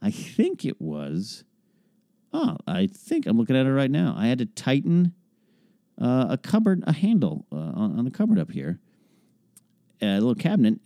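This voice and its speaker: Man, podcast host, casual rambling Q&A, lively up-and-down pitch, mellow tone. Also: no room sound, clean studio sound. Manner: rambling, self-interrupting and wry. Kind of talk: casual listener Q&A.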